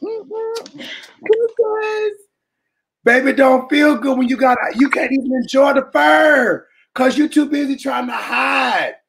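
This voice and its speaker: A man giving an impassioned, preaching-style talk, colloquial and animated, often shouting for emphasis to his listeners. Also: very high voice, moderate pace, vocal fry, hardly any pauses. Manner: colloquial, calls listeners "baby" and "y'all". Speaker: speaker addressing a church audience.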